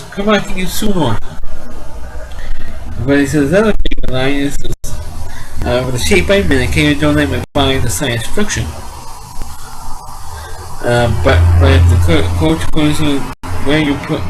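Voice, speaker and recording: A man's voice: on the high side, a little slow, long pauses, over music, poor audio. A man casually retelling a comedy film's scenes, rambling with frequent restarts and fillers. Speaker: amateur movie reviewer. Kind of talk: casual movie recap.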